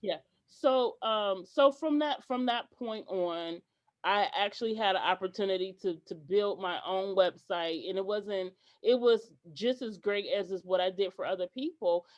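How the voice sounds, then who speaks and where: A woman guest on a podcast tells her stories with real animation and acts out the dialogue of the people in them. Her pitch sits in an ordinary middle range, and she stops and restarts her sentences now and then. The recording sounds dull and lo-fi. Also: normal speed. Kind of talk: podcast interview storytelling.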